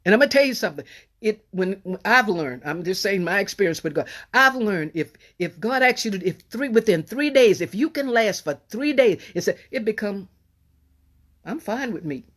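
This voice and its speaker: A middle-aged woman preaching a sermon in a folksy, animated way, often repeating and restarting her phrases. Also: mid-range voice, moderate pace.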